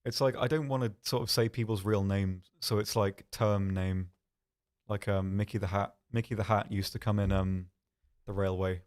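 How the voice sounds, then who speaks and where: A young man hosting a live stream, answering chat questions in a calm, soft-spoken, dry and self-deprecating way. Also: on the low side, normal speed.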